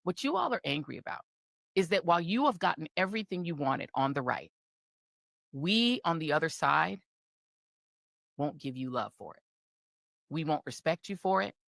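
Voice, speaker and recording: A woman's voice: on the low side, expressive, normal speed, creaky, fairly bright tone, dry recording, clean studio sound. Fiery woman in a talk-show rant. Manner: fiery, rhetorical, repeats phrases, slips into mocking voices. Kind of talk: impassioned on-air monologue.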